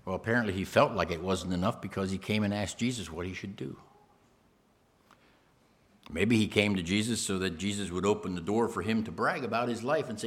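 A man's voice: fairly low pitch, a little fast. A man preaching a sermon, emphatic, repeating phrases and speaking straight to the congregation.

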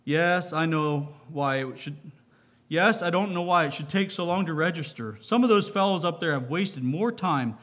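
A man's voice: on the high side, animated, normal speed, a bit bright. A man reading as a fretful farmer neighbor. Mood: aggrieved. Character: troubled middle-aged farmer neighbor, man.

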